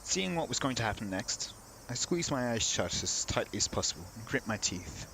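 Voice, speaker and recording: A man's voice: mid-range voice, sing-song, moderate pace, bright, forceful tone, poor audio. Male let's-play host reading story text aloud, casual wry asides, faint background hiss. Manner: reads narration, breaks off into wry comments.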